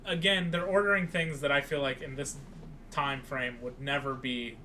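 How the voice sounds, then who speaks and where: A young man co-hosting a podcast, recapping a film in casual chat and acting out the characters' lines in an animated way. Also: medium pitch, moderate pace, a little hiss or hum. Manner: animated, acts out quoted lines with raised voice. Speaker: podcast co-host.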